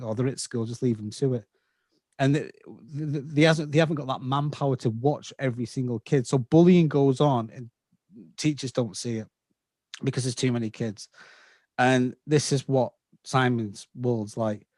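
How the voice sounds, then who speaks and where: This man, in his fifties and from England with a mild Scouse accent, has a mid-range, slightly mellow voice with fairly even intonation and a normal speed. As a podcast guest in a casual interview, he explains at length and checks in with his listener, all in clean studio sound without room noise.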